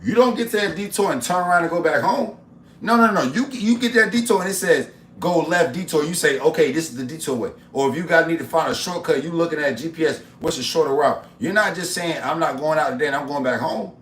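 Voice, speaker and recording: A cooking and motivation streamer chats casually with his viewers while making food in a roomy home kitchen with faint ambience. He's upbeat and preachy, repeating himself, speaking fast in a slightly high, a bit bright voice with a little hiss or hum.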